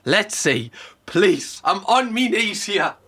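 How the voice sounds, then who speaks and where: A young man, reacting in casual commentary, excitable and often laughing or tearing up. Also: high voice, slow pace, background noise. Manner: excitable, emotional, laughing and tearful. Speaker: YouTube reaction host.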